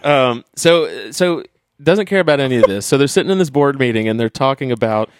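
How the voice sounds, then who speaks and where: A man's voice: medium pitch, expressive, a little fast, clear, resonant tone, no echo. Man recapping a movie, close dry mic. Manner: rambling, laughs often, brief mocking voices. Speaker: podcast co-host. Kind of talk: casual movie recap chat.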